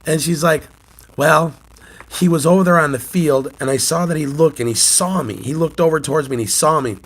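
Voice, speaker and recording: A man in his forties talks loosely and warmly, like he's catching up with regular viewers. His voice sits a little higher than most men's. He keeps breaking into laughter and has a lingering cough. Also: brisk. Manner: chatty storyteller, laughs often. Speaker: channel host, sports-card collector and youth coach. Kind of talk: casual morning chat.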